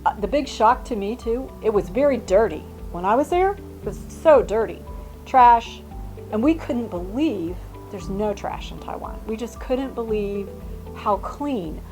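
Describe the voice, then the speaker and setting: An older woman and mother telling travel stories in a chatty, animated way, with many restarts. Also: medium pitch. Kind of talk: casual storytelling.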